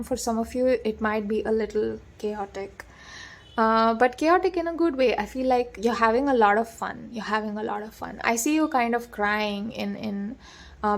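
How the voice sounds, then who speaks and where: A woman giving a gentle, reassuring tarot reading, talking with many fillers and restarts. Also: fairly high pitch, creaky. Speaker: tarot reader. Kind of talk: soft-spoken tarot reading.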